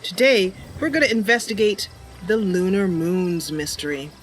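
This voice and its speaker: A woman's voice: mid-range voice, animated, moderate pace, a little hiss or hum. A woman hosting a game role-play video, talking in a playful, giggly, chatty way while she plays and narrates the story. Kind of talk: casual gameplay commentary with role-play narration.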